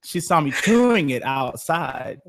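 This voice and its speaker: A man's voice: on the high side, unhurried. A man co-hosting a podcast, telling a childhood story in casual chat and laughing often. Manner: animated, laughs often while telling stories. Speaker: podcast co-host.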